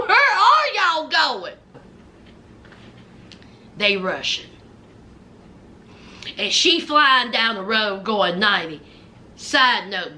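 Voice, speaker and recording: A woman whose high voice sounds pushed and bright gives a casual reality show recap. She talks slangily and with sass, both to the people on screen and to viewers, whom she calls y'all.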